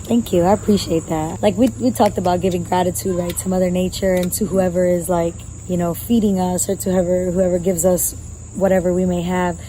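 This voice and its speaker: A woman's voice: lowish voice, little pitch movement, a little fast, mellow, slight background noise, rough recording. A woman guest talking passionately in a casual outdoor conversation, acting out her own inner voices and swearing freely. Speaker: podcast guest. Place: outdoors in a gazebo.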